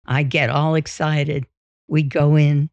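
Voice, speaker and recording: A woman reads a memoir in the first person, slow and steady. The recording is dull and dry, with no room sound. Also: deep voice, no echo. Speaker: audiobook reader. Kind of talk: memoir reading.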